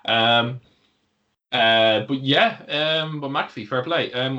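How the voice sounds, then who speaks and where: Rambling man, bright dull audio. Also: mid-range voice, takes it slowly. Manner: rambling, filler-heavy, laughs easily. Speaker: podcast co-host. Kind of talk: casual wrestling chat.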